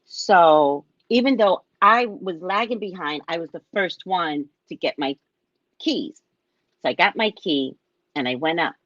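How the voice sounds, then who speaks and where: Lively lower-voiced woman telling a story. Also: measured pace, no echo, lo-fi sound. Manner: animated, acts out other people's lines; frequent tag question "right?". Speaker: show host and psychic reader. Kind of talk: casual anecdote telling.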